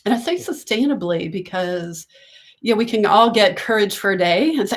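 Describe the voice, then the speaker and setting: A woman's voice: medium pitch, moderate pace. A woman business coach talking casually to camera, coaching and often checking in with "right?".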